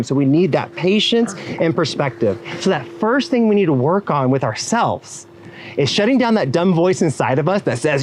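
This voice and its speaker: Animated man giving a motivational keynote. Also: fairly high pitch, moderate pace, poor audio. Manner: animated, acts out quoted inner voices and clients; talks straight to the audience with frequent asides. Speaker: keynote speaker at a wedding professionals' event.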